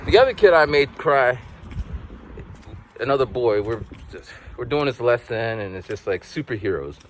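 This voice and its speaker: Here a man in his forties who teaches English tells stories casually for his vlog. He acts out quotes with big pitch jumps, and his intonation is lively at a moderate pace. There's slight background noise.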